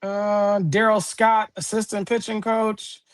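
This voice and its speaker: A man's voice: sits high, little pitch movement, slow pace, clean tone. A man with a Milwaukee accent co-hosting a casual sports show, slangy, jokey and laid-back. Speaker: podcast co-host.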